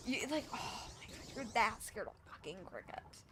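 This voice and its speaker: A woman's voice: a little high, huge pitch swings, normal speed, fairly bright tone. A young woman streaming a game and telling a rambling, exasperated story about work, full of restarts and fillers. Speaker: live streamer. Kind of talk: casual storytelling while gaming.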